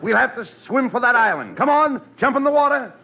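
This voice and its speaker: A man playing a brisk, bossy straight man in a 1940s radio comedy. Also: extremely high pitch, animated, vocal fry. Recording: hissy, dull vintage radio broadcast.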